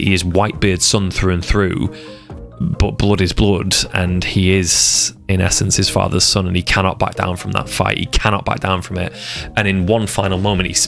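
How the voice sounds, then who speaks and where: A man's voice: sits low, gravelly, fairly bright tone. A man streaming a casual, unscripted talk, rambling with passion and often repeating and restarting his words. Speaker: streamer discussing anime arcs.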